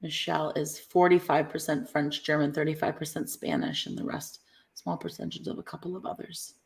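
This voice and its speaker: A middle-aged woman co-hosting a casual live stream, animated and laughing often as she reads viewer comments aloud. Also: deep voice, a little fast, vocal fry.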